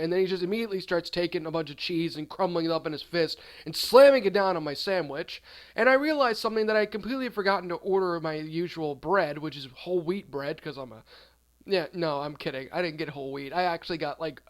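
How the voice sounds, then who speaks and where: Brief: male storyteller, high-pitched, rambling and deadpan through a silly tale. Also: fast. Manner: rambling, deadpan absurd, trailing off. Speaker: storyteller, channel host. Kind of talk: absurd comedic storytime.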